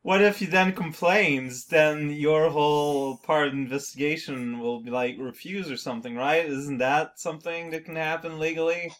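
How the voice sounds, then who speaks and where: A man's voice: on the high side, steady tone, normal speed, hardly any pauses, a bit bright. A man playing a tabletop game, joking and arguing casually and laughing often. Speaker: player.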